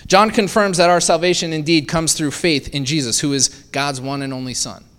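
A man's voice: on the high side, steady tone, normal speed, fairly bright tone, clean tone. Preaching man in an echoing hall. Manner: conversational, asks the congregation rhetorical questions with frequent "right?". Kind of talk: sermon.

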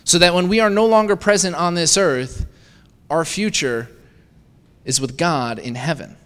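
A man with a fairly high, fairly bright, smooth voice preaches a sermon at a moderate pace in an echoing hall. His style is conversational, posing rhetorical questions to the congregation and frequently adding "right?"

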